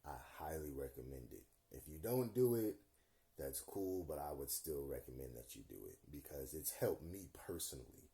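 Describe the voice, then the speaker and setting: A young man with a deep, warm, unhurried voice talks casually to his audience. He is earnest and rambling, uses loose slang, and keeps circling back to repeat his points. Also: lively intonation. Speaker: vlogger. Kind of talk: casual vlog monologue.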